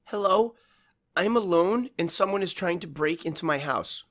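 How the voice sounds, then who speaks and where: A man voicing a frightened young woman, alone in a storm, who speaks high, shrill and panicked. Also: animated, moderate pace, a bit bright.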